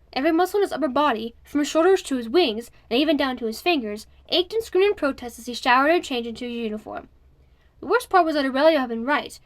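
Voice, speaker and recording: A woman reading a novel aloud in an expressive, steady audiobook style. Her voice sits high. She moves through the narration evenly.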